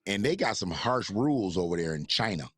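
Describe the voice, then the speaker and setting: A low, husky man hosts a casual livestream, rambling and cursing freely as he reacts to chat. His pitch leaps up and down animatedly, and he laughs often. The sound is dry and close, with faint music playing behind him. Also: animated, fairly quick, dry recording. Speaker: livestream host.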